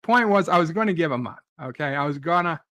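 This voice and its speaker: A man's voice: a little high, expressive, quick pace, pushed and bright, no room sound. A man hosting a live stream, retelling a dream in a profane, agitated rant full of stammering restarts.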